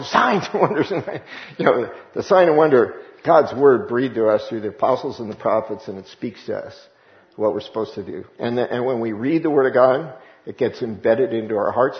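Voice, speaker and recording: A man preaching a sermon as pastor, animated and conversational, with laughs and asides. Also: mid-range voice. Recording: echoey room, dull lo-fi sound.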